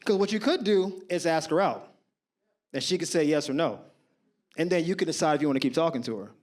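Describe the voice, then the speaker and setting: A man's voice: fairly high pitch, brisk. A man in his thirties doing stand-up comedy, telling stories and talking straight to the crowd, acting out the people in them. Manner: animated, acts out voices of people in his stories; conversational, addresses the crowd directly.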